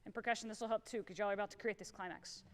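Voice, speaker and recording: A woman with a Texan accent leading a student band rehearsal, energetic and encouraging, often singing phrases out. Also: medium pitch, racing. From Texas. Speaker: guest conductor. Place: large theatre stage. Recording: long hall reverb in a theatre.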